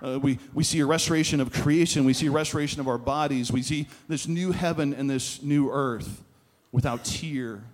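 Male pastor preaching a story-driven sermon. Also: mid-range voice. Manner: storytelling, emphatic with slowed key phrases.

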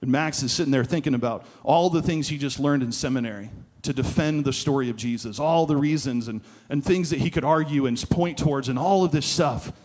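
A man preaching a sermon, telling stories and slowing down to stress key phrases. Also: mid-range voice, a little mellow. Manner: storytelling, emphatic with slowed key phrases. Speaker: pastor.

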